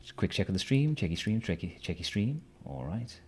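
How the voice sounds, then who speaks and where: A hoarse man chatting casually while streaming a game, playful and rambling, with silly sing-song asides. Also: fairly low pitch, big pitch swings, fairly quick, darkish tone.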